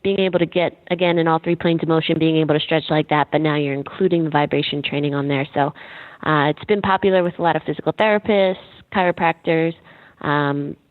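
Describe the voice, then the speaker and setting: Low-voiced woman guest on a phone line. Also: brisk. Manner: relaxed, explains with frequent fillers. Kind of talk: casual interview answers. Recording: tinny phone-line sound.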